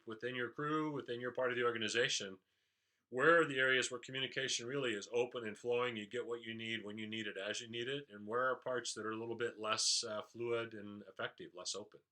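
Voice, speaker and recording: A man's voice: medium pitch, bright, forceful tone. A man leadership trainer giving an explanatory recap of a training session, with frequent "uh" fillers.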